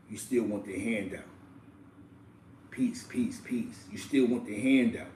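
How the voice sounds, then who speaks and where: A man's voice: fairly low pitch, a little slow, long pauses, echoey room, recorded from a distance, slight background noise, low-quality recording. Profane New man ranting loosely. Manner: profane, animated, laughing often. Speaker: commentary host. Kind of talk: street commentary livestream.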